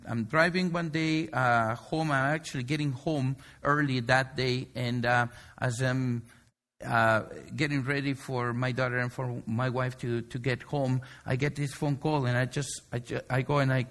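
A man's voice: mid-range voice, a bit bright. A middle-aged man preaching a sermon in a conversational way, telling a story with many fillers and restarts. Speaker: pastor.

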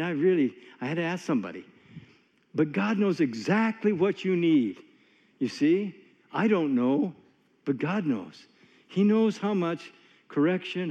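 A man's voice: high voice, a little mellow. A man preaching a sermon in a folksy, conversational way, telling stories with many asides. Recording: long hall reverb, dull lo-fi sound.

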